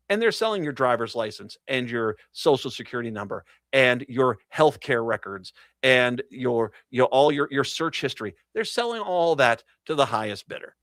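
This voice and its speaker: A man's voice: medium pitch, fairly bright tone, dry recording. A man hosting a political talk radio show, reading news stories and breaking into sarcastic, mocking asides with laughs.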